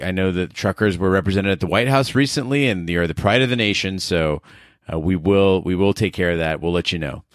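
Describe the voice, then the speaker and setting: A man's voice: low-pitched, fairly bright tone, no room sound, clean studio sound. A man co-hosting a podcast in casual, easygoing chat with a wry touch. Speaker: podcast co-host.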